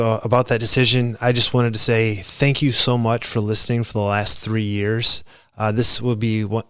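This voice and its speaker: A man's voice: medium pitch, clean tone, no echo, studio quality. A man hosting his own podcast, speaking earnestly and gratefully to listeners in an unscripted solo monologue with frequent fillers and restarts. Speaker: podcast host.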